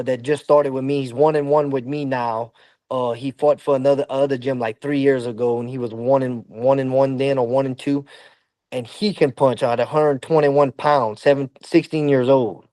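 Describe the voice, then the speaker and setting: A man from Louisiana, a boxing coach, talking in a halting, filler-heavy way as a podcast guest. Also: mid-range voice, steady tone, warm tone, no echo. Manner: halting, lots of fillers and restarts. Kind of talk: casual interview talk.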